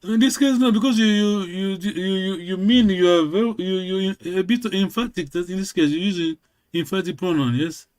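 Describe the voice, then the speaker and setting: A man who speaks natively, leading a language lesson. He says each word over and over in a voice that sits a little high. He talks in a patient, steady way. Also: normal speed. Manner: patient, repeats words many times. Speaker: language teacher.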